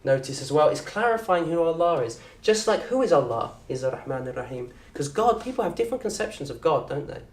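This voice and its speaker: A man with a southern English accent teaching an Arabic course in a lecture room. He talks in a lively way, quizzes the audience and acts out little scenes. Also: a little high, fairly quick, few pauses. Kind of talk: lecture to an open day audience. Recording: roomy echo from a distant mic.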